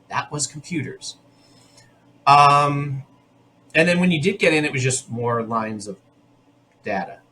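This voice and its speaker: A man's voice: medium pitch, a little hiss or hum, rough recording. A man hosting a podcast, casually recapping a TV episode with lots of asides. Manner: animated storytelling with asides. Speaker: podcast host.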